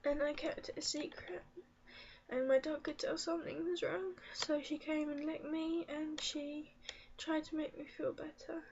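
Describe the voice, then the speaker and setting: A teenage girl talks slowly and softly in a confessional vlog, her high voice halting and often dropping to a tearful whisper. The sound is muffled and lo-fi. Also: level tone. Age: teens. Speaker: vlogger.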